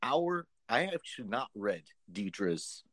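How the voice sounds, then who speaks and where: A man's voice: fairly low pitch, sing-song, slow, fairly bright tone, no room sound. A man co-hosting a casual podcast chat, full of dry, sarcastic asides. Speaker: podcast co-host.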